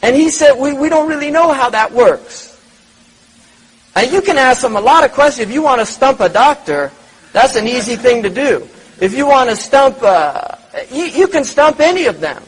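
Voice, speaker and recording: A man's voice: very high-pitched, very animated, moderate pace, husky, poor audio. A man giving a religious lecture, reflective, repeating words and asking rhetorical questions. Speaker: Islamic lecturer.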